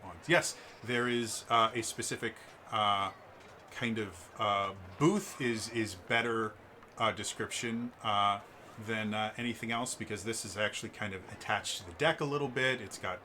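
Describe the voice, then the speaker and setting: A man running a tabletop role-playing game, painting the scene for his players. He speaks in a bright, crisp voice and stops often with fillers as he searches for each detail. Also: medium pitch, slight background noise. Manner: halting, full of "uh" fillers while describing scenes. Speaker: game master.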